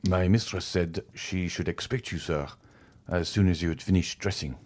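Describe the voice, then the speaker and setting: Man doing a soft-spoken, deferential valet. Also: low-pitched, fairly even intonation, normal speed. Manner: polite, subdued replies. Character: deferential male household valet.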